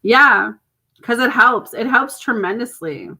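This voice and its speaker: A woman's voice: fairly high pitch, animated, a little slow, bright, forceful tone. A Canadian woman, mother of grown children, giving a chatty, reassuring live tarot reading to viewers. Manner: chatty, reassuring, laughs often. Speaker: tarot reader.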